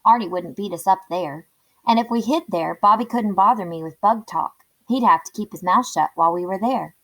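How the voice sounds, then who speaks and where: A woman reading a children's chapter book aloud in a clear, steady storytelling voice. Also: medium pitch, moderate pace, rough recording.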